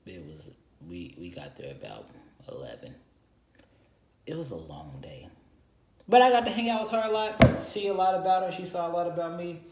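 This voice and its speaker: A young man vlogging, telling a long story in a casual, animated and rambling way, with lots of repeated phrases. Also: on the high side, normal speed, a little hiss or hum. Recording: echoey room.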